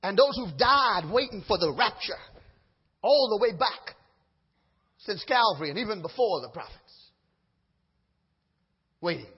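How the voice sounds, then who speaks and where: A man preaching a sermon with fervor, swinging from low murmurs to loud high cries and stumbling over his words as he restarts. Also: expressive, unhurried, pauses often, breathy edge. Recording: dull sound with long hall reverb.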